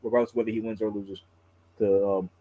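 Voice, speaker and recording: A man's voice: fairly low pitch, flat delivery, brisk, warm tone, rough recording. A man giving his take in a casual live-stream chat about boxing, stating firm opinions and repeating himself as he weighs a point. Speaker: guest commentator.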